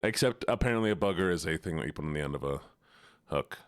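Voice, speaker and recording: A man's voice: a bass voice, expressive, fast talker, dry recording, studio quality. A man streaming live, chatting casually with his audience in a playful, teasing way full of mock outrage.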